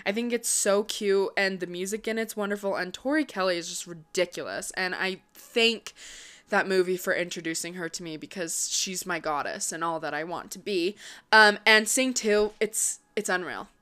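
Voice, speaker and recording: A young woman vlogger chatting casually to her viewers, quick and upbeat, with lots of fillers. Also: lowish voice, bright, forceful tone. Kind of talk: casual chat.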